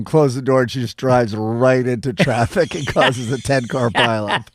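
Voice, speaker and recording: A man's voice: medium pitch, expressive, normal speed. A man co-hosting a podcast, telling rambling stories with joking asides in casual chat. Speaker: podcast co-host.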